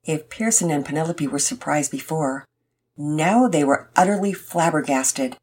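Low husky lady reading a kids' family story, host of the show. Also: normal speed, a little mellow. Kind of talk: children's story narration.

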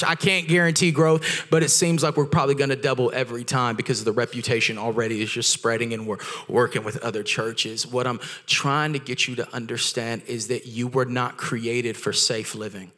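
Bright-voiced excitable young male preacher. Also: medium pitch, a little hiss or hum. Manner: excitable, storytelling, acts out voices in anecdotes. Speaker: guest preacher. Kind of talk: energetic sermon.

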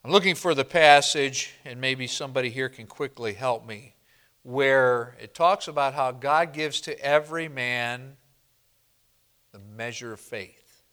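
Slow, emphatic preaching man. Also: mid-range voice, bright, forceful tone. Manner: slow, emphatic preaching with call-and-response questions. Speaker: pastor. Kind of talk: sermon.

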